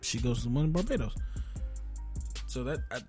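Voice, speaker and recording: A man's voice: mid-range voice, expressive, brisk, darkish tone, faint music behind. A man co-hosting a casual podcast, chatty and laughing often as he tells stories. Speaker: podcast co-host. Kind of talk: casual chat.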